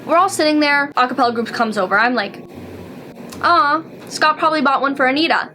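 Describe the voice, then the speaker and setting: A woman's voice: high-pitched, lively intonation, a little fast, bright, forceful tone, slight background noise. A young adult woman vlogging a casual storytime, talking through it in a chatty way with lots of "like"s. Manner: chatty, filler-heavy storytelling with many "like"s.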